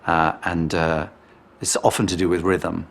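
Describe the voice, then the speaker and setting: Low-voiced dialect coach. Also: male voice, little pitch movement, a little slow, fairly bright tone, slight background noise. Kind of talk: interview.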